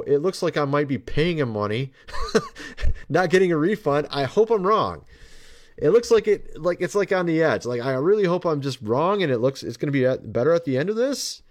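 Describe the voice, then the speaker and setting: A man hosting his own podcast, talking in a loose, rambling way and turning sarcastic often. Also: mid-range voice. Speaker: podcast host. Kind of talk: casual commentary monologue.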